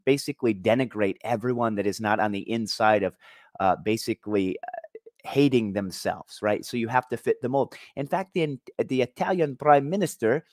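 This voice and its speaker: A man's voice: mid-range voice, normal speed, no room sound, clean studio sound. A man hosting an opinion commentary vlog, talking in an emphatic, argumentative way. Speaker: commentary channel host.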